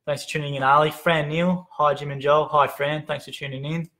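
A man's voice: a little high, little pitch movement, fairly quick, sharp tone. Upbeat man reading comments. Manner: upbeat, reads names aloud, stumbles on pronunciations. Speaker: co-host reading viewer comments. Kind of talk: casual live-stream chat. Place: open-plan head office.

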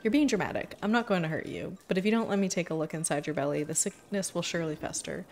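A woman reading the lines of a brisk, no-nonsense witch healer in a game, in a teasing, matter-of-fact way. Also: fairly low pitch, a little mellow, a little hiss or hum, natural voice.

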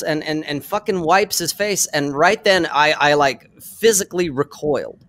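A man telling an anecdote in casual podcast chat, animated and swearing freely. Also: a little high, normal speed, no room sound.

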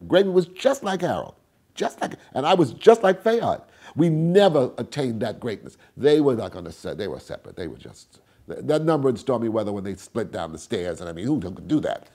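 An older man with a husky, mellow voice tells stories from his past in an interview. His pitch swings widely, rising high and loud, then dropping low and soft as he acts out the people he quotes. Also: a little fast. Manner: animated storyteller, acts out quotes with big swings in pitch and volume. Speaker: interviewee, tap dancer. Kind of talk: storytelling interview.

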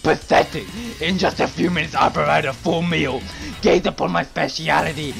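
A man voicing a pompous rival chef who boasts loudly in broken English. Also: on the high side, steady tone, normal speed, gravelly, over music, low-quality recording. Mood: haughty. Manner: loud, haughty, broken English.

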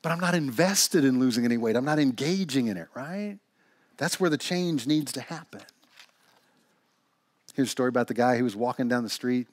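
A pastor with a medium-pitched voice preaches a sermon in church. He tells stories in an animated way and poses rhetorical questions. The recording is studio quality with no room sound.

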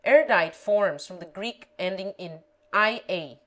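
A woman reading a grammar lesson aloud, pronouncing example words carefully and deliberately. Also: mid-range voice, poor audio. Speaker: language teacher.

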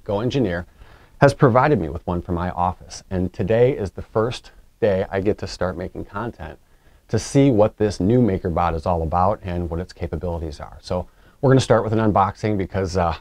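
A man's voice: deep voice, darkish tone, no echo. A middle-aged man, an engineer, chatting enthusiastically as he unboxes a 3D printer and explains each step. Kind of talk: casual unboxing vlog.

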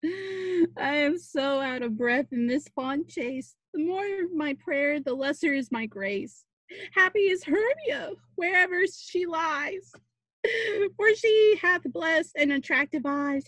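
Cast: woman as a heartsick young woman, high and swooping, slow and emotional, dry close sound. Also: dry recording, full character voice. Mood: pleading. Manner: emotional, expressive verse. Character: lovesick young woman, desperate and self-pitying. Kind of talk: Shakespeare verse reading. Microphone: video call.

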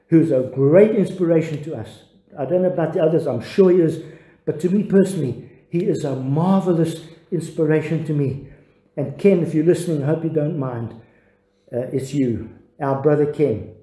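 An older man, a pastor, giving a devotional sermon in an earnest, halting way with frequent restarts. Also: on the high side, warm tone, roomy sound, rough recording.

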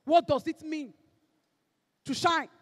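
A woman with a Nigerian accent preaching a sermon, emphatic and fervent, swinging between shouted exhortation and hushed asides, slipping into Pidgin phrases. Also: high voice, fairly even intonation, slow pace, big-room sound.

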